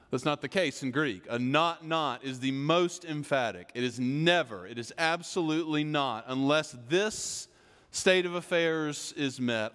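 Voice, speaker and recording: Male pastor giving a sermon, slow and deliberate, long echoey church sound. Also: mid-range voice, fairly bright tone. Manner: slow, emphatic preaching with repeated phrases. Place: church sanctuary.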